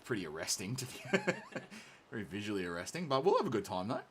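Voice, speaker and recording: Speaking fast with big pitch swings, this lowish-voiced man runs a live painting stream from a hobby shop office, painting miniatures as he jokes and teases through casual chat. He sounds playful and pokes fun at himself, over a little hiss or hum.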